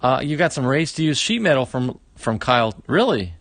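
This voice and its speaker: A man's voice: medium pitch, big pitch swings, moderate pace, a bit bright, no echo. A middle-aged man hosting a casual livestream, opening fan mail, chatty and exclaiming often.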